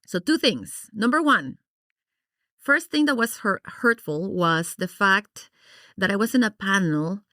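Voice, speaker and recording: A middle-aged woman from Guatemala, a podcast guest, telling her story in an animated, expressive way and acting out her past reactions. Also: mid-range voice, measured pace, no room sound, studio quality. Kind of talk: personal storytelling in an interview.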